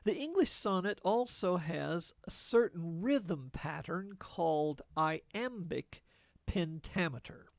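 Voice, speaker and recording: A man teaching a lesson on poetic form in a deliberate, plain-spoken way, with folksy asides. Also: high voice, lively intonation, vocal fry, no room sound, clean studio sound. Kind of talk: lecture explaining poetic form.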